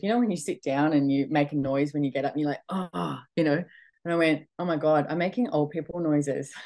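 A middle-aged Australian woman hosts a podcast and gives a motivational talk to an audience. Her delivery is chatty and animated, full of quoted self-talk, and her voice is low.

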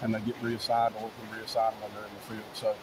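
A man, an emergency management director, giving a steady press briefing outdoors, listing resources with frequent restarts. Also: lowish voice, quick pace. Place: outdoors at a search site. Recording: outdoor briefing with loud background noise.

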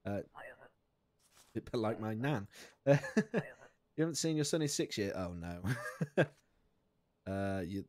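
A man giving live commentary on a game he is playing, jokey and sweary, laughing often, with sudden high squeaks of outrage. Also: expressive, measured pace, pauses often, darkish tone, dry recording. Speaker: streamer.

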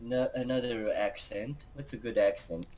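A man's voice: mid-range voice, moderate pace, a little mellow. A man hosting a let's play, rambling goofy jokes and giggling often.

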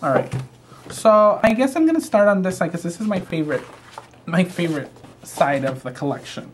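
A man's voice: high-pitched, expressive, fairly quick, a little hiss or hum. A man hosting a live craft show, walking through products in a gushing, chatty way with frequent "um" fillers.

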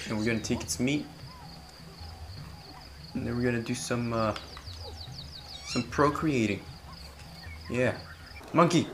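A man doing let's play commentary, excitable and prone to yelling reactions and silly caveman talk. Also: medium pitch, background noise. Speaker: gaming video creator. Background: game music.

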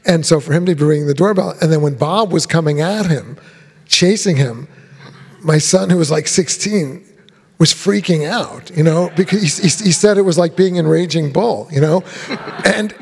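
A man's voice: on the high side, moderate pace, creaky. A man, a film director, telling rambling anecdotes in a festival Q&A and acting out the voices of people he quotes. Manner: animated storyteller who acts out quoted voices. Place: live Q&A on a theater stage. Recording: long hall reverb.

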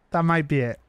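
A man's voice: fairly high pitch, background noise. A Welsh man streaming a game, talking casually to himself with swearing and chuckles. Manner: swearing, chuckling, laid-back. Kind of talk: casual gaming commentary.

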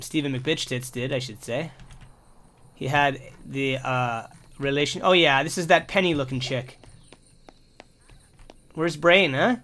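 A man commentating a life-sim game, getting exasperated and shouting insults at the characters. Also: fairly high pitch. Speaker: gameplay commentator. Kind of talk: let's play commentary.

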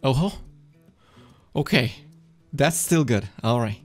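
A man streaming a card game, chatting excitedly to himself and often jumping into squeaky high exclamations. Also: slow pace, soft background music. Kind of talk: casual gameplay commentary.

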